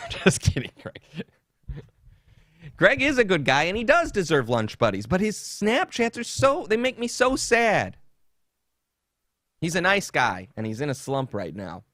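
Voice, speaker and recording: A man's voice: medium pitch, sharp tone, no echo, clean studio sound. A man hosting a podcast in a casual comedic rant, mocking and laughing often as he jumps between topics. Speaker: podcast host.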